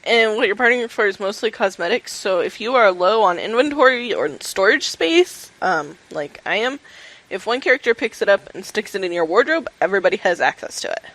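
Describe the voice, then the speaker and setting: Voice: medium pitch, lively intonation, a little fast, a bit bright, rough recording. A podcast co-host chatting casually and playfully about a game. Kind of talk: casual gaming podcast chat.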